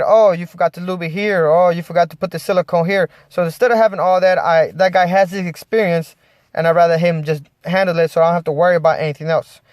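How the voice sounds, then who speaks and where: A man's voice: high voice, dry recording. Rambling man with a dry close sound. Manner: rambling, many restarts. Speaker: vlogger. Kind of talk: casual rant to camera.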